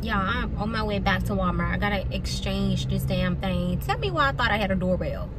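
A woman's voice: medium pitch, animated, fairly quick, background noise. A young woman vlogging casually, chatty and candid, swearing freely and calling her viewers girl and y'all. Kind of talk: casual vlog chat.

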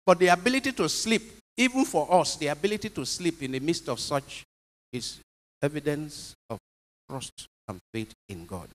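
A man's voice: on the high side, expressive, normal speed. A man, a priest, giving an emphatic homily and putting questions to his congregation. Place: chapel. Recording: long chapel reverb.

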